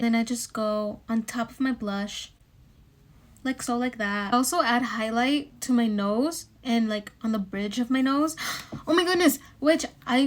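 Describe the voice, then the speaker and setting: A young woman talking casually through her makeup routine as a beauty vlogger, chatty and bubbly with plenty of "like" fillers. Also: a little high. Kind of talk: casual makeup tutorial chat.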